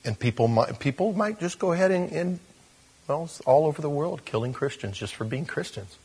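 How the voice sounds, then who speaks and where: Husky-voiced male pastor preaching conversationally. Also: a little high, animated, a little fast, a little mellow. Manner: conversational, self-deprecating, addresses congregation as gang. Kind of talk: sermon.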